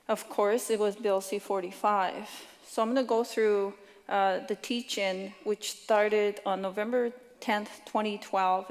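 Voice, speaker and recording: A middle-aged woman delivers a brisk, earnest talk from a stage, her voice ringing with a long hall reverb. Her pitch stays flat and even, with little rise or fall. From Canada. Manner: brisk, earnest, occasionally stumbling. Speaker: activist speaker. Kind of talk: conference talk.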